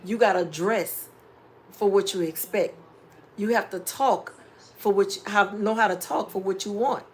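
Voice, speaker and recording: A middle-aged woman vlogger chatting casually on a live stream, reading viewer comments and giving preachy, animated life advice. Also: medium pitch, unhurried. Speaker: home DIY vlogger.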